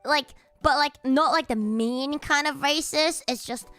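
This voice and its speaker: A young woman streaming, telling stories in a chatty, animated way and laughing loudly and often. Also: high-pitched, a little slow, no echo, soft background music. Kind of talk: casual chat stream.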